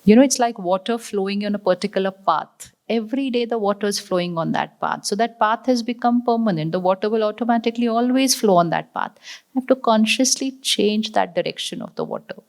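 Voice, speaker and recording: A woman gives a motivational talk as a spiritual teacher. Her voice sits at an ordinary middle pitch. She repeats key phrases, puts questions to her listeners and slows down to stress a point. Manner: repeats lines, asks the audience questions, slows for emphasis.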